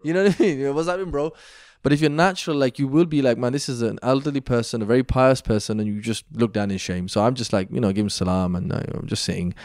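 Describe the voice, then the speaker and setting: A young man, a podcast guest, telling stories in a lively, chatty way, full of slang and fillers. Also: mid-range voice, fast, few pauses, no room sound, studio quality. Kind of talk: animated storytelling in casual chat.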